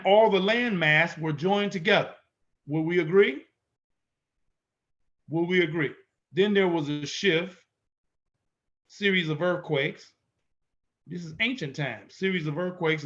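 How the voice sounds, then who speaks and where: High-voiced emphatic male lecturer. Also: fairly bright tone, muffled recording. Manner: emphatic, repeats points, rhetorical questions. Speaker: instructor. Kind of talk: teaching lecture.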